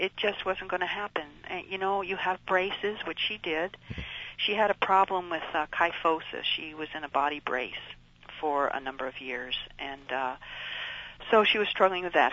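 Middle-aged woman, interview guest, earnest rambling storyteller with a bright tone. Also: lowish voice, breathy edge, highs cut off. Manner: earnest, rambling with many fillers. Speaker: guest, mother of child actors. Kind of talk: storytelling in conversation.

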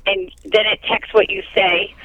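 A woman who is a regular celebrity-news contributor on a radio show, chatting and teasing in an animated, storytelling way. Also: medium pitch, a little slow, dry recording, phone-quality sound. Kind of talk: casual on-air banter.

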